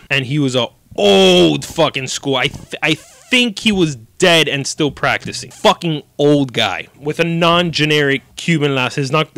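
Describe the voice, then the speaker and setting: A man's voice: a little high, pushed and bright, no echo. A young man, hosting a casual solo podcast and telling stories in a profane, jokey way. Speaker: podcast host.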